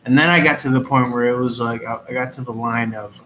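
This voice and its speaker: A man's voice: medium pitch, steady tone, quick pace, few pauses, fairly bright tone, slight background noise, low-quality recording. A man doing a casual live-stream tarot reading, who reads a listener's question aloud again and again, keeps cursing and struggles not to laugh. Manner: swears often, breaks into laughter while trying to stay serious. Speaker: tarot reader.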